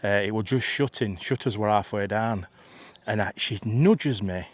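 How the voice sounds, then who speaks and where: Bloke in his 50s rambling thru a story for his vlog, lowish voice, lots of restarts. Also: normal speed. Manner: rambling, chatty, full of restarts and asides. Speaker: vlogger. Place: outdoors in a field.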